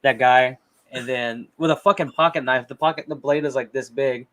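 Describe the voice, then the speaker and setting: Guy rambling on his podcast, lots of ums, jokey, mid pitch. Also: steady tone, normal speed, fairly bright tone. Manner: rambling, joking, many ums and restarts. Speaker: podcast host. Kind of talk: casual chat.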